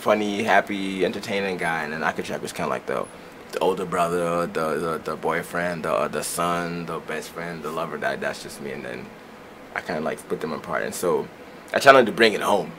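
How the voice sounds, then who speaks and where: A young man from Nigeria chatting loosely as a guest on a radio show, rambling and breaking into loud laughs. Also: deep voice, a little fast, a little hiss or hum, low-quality recording. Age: young adult. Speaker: guest performer. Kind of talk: casual radio chat.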